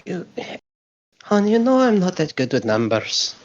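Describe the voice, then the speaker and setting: A woman's voice: fairly low pitch, sing-song, a little slow, darkish tone. A woman playing in a tabletop role-play game, who talks hesitantly and often restarts her sentences. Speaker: player. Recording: slightly dull lo-fi mic.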